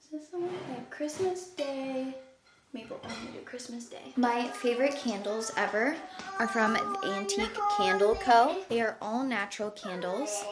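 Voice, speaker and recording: A young woman talks in a chatty, casual vlog style, leaning on "like" as a filler. Her voice sits a little high. She is recorded in a home kitchen with a lot of echo and clear background noise. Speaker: lifestyle vlogger. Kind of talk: casual vlog chat to camera.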